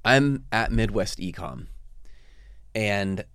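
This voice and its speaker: A man's voice: on the low side, expressive, slow pace, a bit bright, smooth, no room sound, clean studio sound. A man giving a motivational talk with personal stories, speaking in an earnest, emphatic coaching tone.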